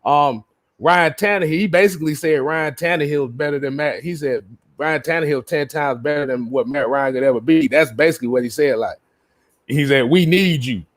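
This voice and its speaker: A man hosting a casual sports livestream, with a voice a little higher than most men's. He talks in a loose, laid-back way, laughs often and stumbles over repeated words while he reads out chat comments. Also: a little fast. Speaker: livestream host.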